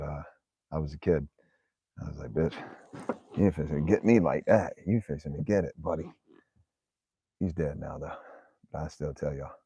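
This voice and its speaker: A man's voice: extremely low pitch, warm tone, slightly rough, no echo, highs cut off. A man, casually telling a profane story straight to his viewers. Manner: profane, chatty, addresses viewers directly. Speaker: channel host.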